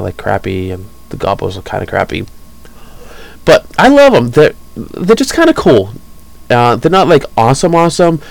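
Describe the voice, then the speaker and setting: A man's voice: mid-range voice, vocal fry, darkish tone, no room sound, rough recording. A man hosting a casual podcast, rambling and chuckling enthusiastically as he talks about hobby news. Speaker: podcast host.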